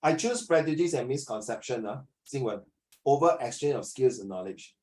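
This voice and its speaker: Singaporean male teacher, chatty classroom lesson, mixes chinese into english, mid-pitched voice. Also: expressive, moderate pace, a little mellow, low-quality recording.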